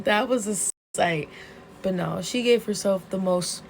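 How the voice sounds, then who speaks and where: A woman vlogger in a casual, excitable rant, retelling a webcomic plot with plenty of swearing and outbursts. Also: mid-range voice, measured pace, gravelly, background noise. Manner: excitable and profane, storytelling with gasps and outbursts.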